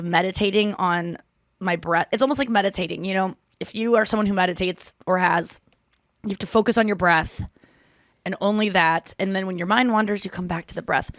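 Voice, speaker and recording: A woman's voice: mid-range voice, no room sound, studio quality. A woman in her thirties hosting a podcast, chatting casually in a rambling, profane way. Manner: chatty, rambling, swears freely. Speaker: podcast host. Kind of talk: casual chat.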